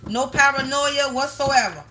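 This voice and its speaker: A woman's voice: sits high, measured pace, pushed and bright, a little hiss or hum. A woman tarot reader speaking, delivering a blunt, scolding monologue to her viewers, swearing often and raising her voice at times. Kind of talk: confrontational livestream monologue.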